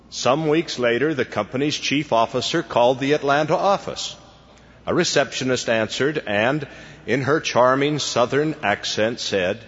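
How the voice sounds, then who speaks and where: A man, a church leader, giving a formal devotional address to students in a measured, deliberate manner. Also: medium pitch, husky. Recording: dull lo-fi recording with long hall reverb.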